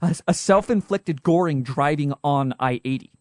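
A man's voice: fairly high pitch, no echo. Man, young adult, Utah accent, joking podcast co-host, dry close sound. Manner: joking, chatty, quick asides. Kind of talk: casual podcast chat.

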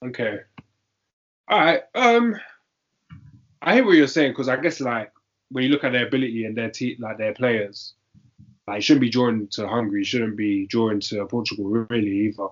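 A man's voice: medium pitch, moderate pace, long pauses. A young man, chatting casually about football in a slangy, emphatic way and repeating his points. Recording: dull lo-fi audio.

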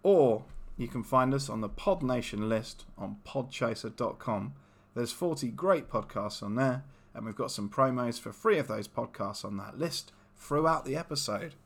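Male podcast host, gravelly, irreverent and profane. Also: mid-range voice, expressive, moderate pace. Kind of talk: casual chat.

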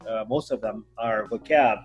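A man's voice: lowish voice, moderate pace. A man hosting a podcast, chatting in an easygoing way and laughing at himself. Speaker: podcast host. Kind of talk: casual podcast conversation.

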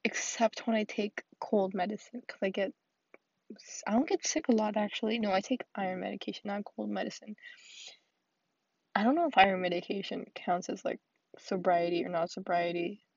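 Husky-voiced teen girl venting. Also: medium pitch, steady tone, normal speed, no echo, lo-fi sound. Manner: rambling, quotes conversations with "I was like"; drops to soft whispers now and then. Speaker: podcast host. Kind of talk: solo venting monologue. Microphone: earphones with mic.

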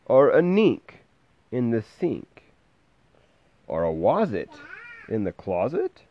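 A man reading a bedtime story aloud to a toddler at home, gentle and lilting, stopping to chat with the child between pages. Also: medium pitch, huge pitch swings, slow, muffled recording.

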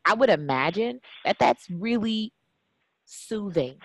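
A woman hosting a podcast interview, relaxed and chatty, with casual slang. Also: mid-range voice, takes it slowly, husky. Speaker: podcast host.

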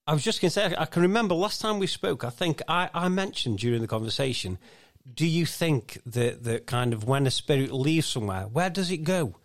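A man's voice: a little high, expressive, brisk. Hesitant male podcast host. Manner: hesitant, with fillers. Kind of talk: interview questions.

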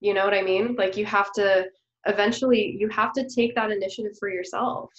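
A woman's voice: mid-range voice, level tone, brisk. A woman hosting a podcast who also teaches music, chatty and enthusiastic as she talks with her guest. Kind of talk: podcast interview. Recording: roomy, dull podcast audio.

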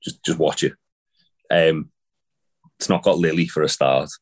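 Deep-voiced sarcastic man, casual chat. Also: fairly even intonation, a little slow, breathy edge. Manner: blunt, sweary, sarcastic. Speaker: wrestling podcast co-host.

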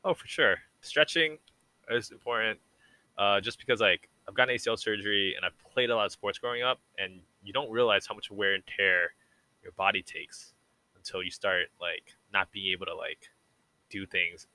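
Rambling young man with a bright voice. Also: on the low side, fairly even intonation, normal speed. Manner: rambling and reflective, heavy use of "like". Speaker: podcast guest. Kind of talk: casual conversation.

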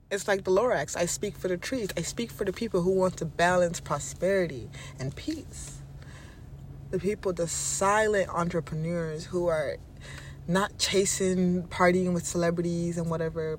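A man giving a casual motivational monologue, animated and self-assured, talking in quick bursts about mindset. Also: high voice, a little hiss or hum. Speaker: self-help speaker.

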